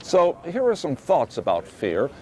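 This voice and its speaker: A man's voice: a little high, huge pitch swings, measured pace, darkish tone. A man reporting as a television correspondent, reflective and questioning. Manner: thoughtful, questioning. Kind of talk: reflective news commentary.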